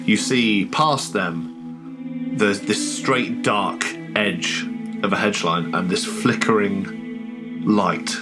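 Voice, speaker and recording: Man, low voice, game master narration, halting descriptive pacing, faint music bed. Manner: halting, with many restarts and slow descriptive passages. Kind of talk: narrating a tabletop horror game.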